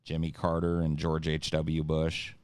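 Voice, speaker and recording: A man with a very low voice, an adult who has seen two incumbents lose in his lifetime, co-hosts a podcast and launches into a heated political rant, swearing freely and doing mocking impressions of his opponents. He talks a little slowly. The tone is clean and the close, dry recording has no echo.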